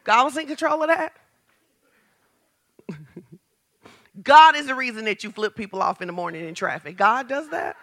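A woman pastor preaching a lively sermon, asking the congregation questions and building to shouts. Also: fairly high pitch, moderate pace, pauses often. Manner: talks straight to the congregation with questions.

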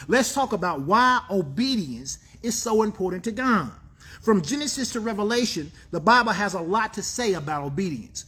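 A man's voice: high voice, fairly bright tone, slightly rough. A man preaching a sermon as pastor, emphatic, repeating key phrases and calling for responses from the congregation.

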